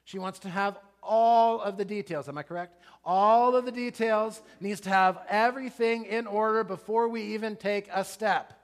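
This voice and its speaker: Middle-aged male pastor, slightly high voice, animated conversational sermon storytelling. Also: moderate pace, few pauses.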